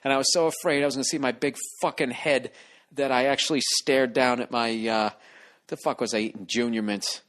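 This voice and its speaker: A man's voice: medium pitch, fairly even intonation, a little fast, a bit bright. A middle-aged man hosting a solo podcast, rambling in a sarcastic, profane rant full of asides. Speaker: podcast host.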